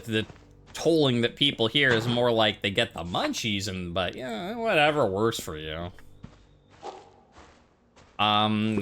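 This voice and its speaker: A man giving casual, rambling commentary while playing a game, full of joking asides. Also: lowish voice. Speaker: game player. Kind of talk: casual let's-play commentary. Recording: steady background noise.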